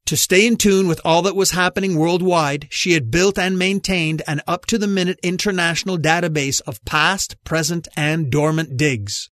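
A man narrating an audiobook in a measured, even reading from a close studio mic. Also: fairly high pitch, dry recording. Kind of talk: scripted narration.

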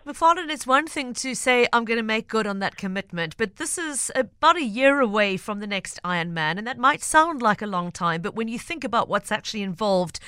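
A woman hosting a radio interview, asking clear, articulate questions. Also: a little high, expressive, brisk, hardly any pauses, pushed and bright, no echo, clean studio sound. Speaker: radio host.

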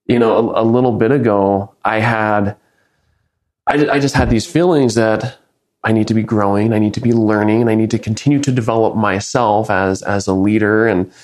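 A man's voice: on the low side, fairly even intonation, moderate pace, darkish tone. A young man sharing a personal faith story in an earnest, reflective way, often restarting his sentences. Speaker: business speaker.

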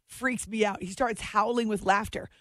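A woman hosting a late-night sports radio show, telling a story in a lively, chatty way with frequent laughs, in a station studio. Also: medium pitch, moderate pace, dry recording.

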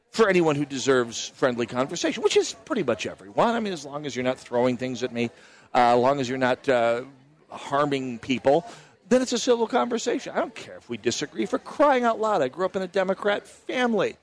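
A man's voice: on the high side, sing-song, fairly quick. A man hosting a live talk radio show from an outdoor state fair booth, telling stories in a chatty way with many restarts and asides. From Minnesota. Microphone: broadcast mic with headphones.

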